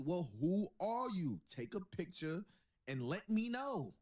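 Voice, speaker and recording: A man's voice: sits high, very animated, takes it slowly. A man hosting a podcast, reacting with incredulous jokes and laughter in casual banter. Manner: incredulous, joking commentary with laughter. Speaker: podcast host.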